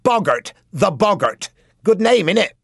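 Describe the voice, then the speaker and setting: A man's voice: high voice, big pitch swings, a little slow, breathy edge, dry recording, studio quality, pitched above the performer's own voice, exaggerated voice. A man voicing a grumbling, chatty seal-like male marsh creature in an audiobook. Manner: complaining, chatty.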